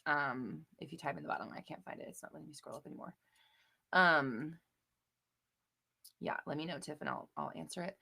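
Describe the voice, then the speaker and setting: A woman's voice: low voice, fairly quick, gravelly, long pauses, bright, forceful tone, slightly rough. A woman hosting a casual live Q&A stream, talking emphatically and rambling, swearing freely. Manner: rambling with many fillers and restarts. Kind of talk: casual live-stream chat answering viewers.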